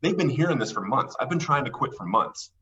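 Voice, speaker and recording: A man guest on a podcast, telling a personal story in an excitable way and acting out the voices he quotes. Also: medium pitch, a little fast, recorded from a distance, highs cut off, crowd noise. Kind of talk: animated storytelling.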